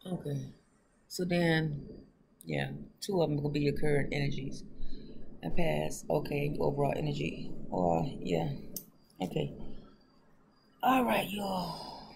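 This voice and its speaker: A woman's voice: low-pitched, lively intonation, unhurried, vocal fry, pauses often, noisy background. A woman reading tarot on her own channel, chatting loosely and talking straight to her viewers with frequent laughs. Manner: laughs often. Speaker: tarot reader. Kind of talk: casual tarot reading vlog.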